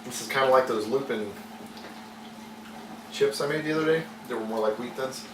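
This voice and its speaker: A man's voice: medium pitch, moderate pace. A man hosting a home cooking vlog, talking casually and loosely with lots of fillers and restarts. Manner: relaxed and rambling, many fillers and restarts. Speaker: home cooking channel host. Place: home kitchen. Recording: echoey kitchen, mic at a distance, audible noise.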